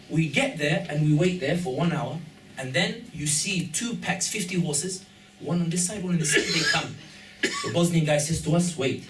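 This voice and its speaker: A man giving a humorous storytelling talk at an event, jokey and animated, acting out quoted dialogue. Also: fairly high pitch, normal speed, recorded from a distance, a little hiss or hum. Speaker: event speaker. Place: event hall with audience. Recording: echoey hall, picked up from afar.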